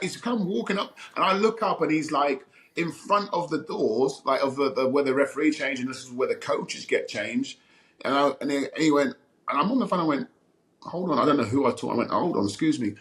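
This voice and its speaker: Rambling middle-aged man. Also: a little high. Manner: rambling, many fillers and restarts, acts out quarrels loudly. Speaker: podcast guest, former footballer. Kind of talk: casual storytelling interview.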